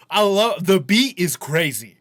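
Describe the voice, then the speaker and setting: A man reacting to a friend's music album in casual commentary. He swears a lot, laughs often and gets excited, and he trails off and restarts when he turns reflective. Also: high voice, takes it slowly. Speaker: music reaction video host.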